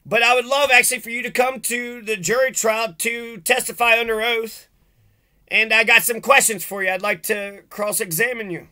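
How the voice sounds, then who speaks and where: A man's voice: very high voice, fairly even intonation, moderate pace, bright, forceful tone. A man giving an agitated, profane, sarcastic rant in video commentary. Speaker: vlogger.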